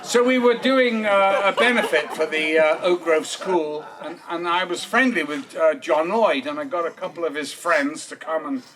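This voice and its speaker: A man's voice: a little high, normal speed, few pauses, crowd noise. A man giving a eulogy at an outdoor park memorial, telling comic anecdotes and chuckling often as he talks. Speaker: speaker at a memorial service. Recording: distant mic with clear background noise.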